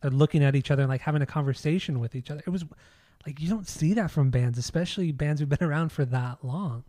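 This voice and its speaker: A man's voice: on the high side, fast, warm tone, dry recording, studio quality. A man co-hosting a music podcast in casual chat, blunt and opinionated, swearing freely. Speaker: podcast co-host.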